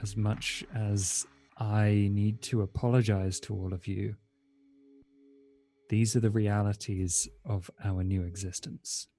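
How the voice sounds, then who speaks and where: A man speaking in character in a tabletop role-play game, measured and solemn. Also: fairly low pitch, steady tone, dark tone.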